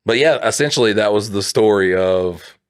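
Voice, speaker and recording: A man from the Southern United States in his thirties, with a Southern American accent, co-hosting a podcast as an animated, profane storyteller. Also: on the low side, normal speed, smooth, dry recording, clean studio sound. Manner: animated, profane storyteller who laughs through his stories. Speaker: podcast co-host. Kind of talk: casual podcast chat.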